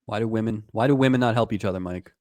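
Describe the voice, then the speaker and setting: A man's voice: on the low side, rapid-fire, darkish tone, no echo. A man co-hosting a podcast, recapping an old TV episode in casual chat and laughing often. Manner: laughs often, retells scenes with put-on voices. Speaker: podcast co-host.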